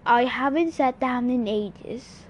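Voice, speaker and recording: A woman reading aloud and voicing a calm, easygoing male god disguised as a jogger, speaking in a relaxed, breezy way. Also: fairly high pitch, slow pace.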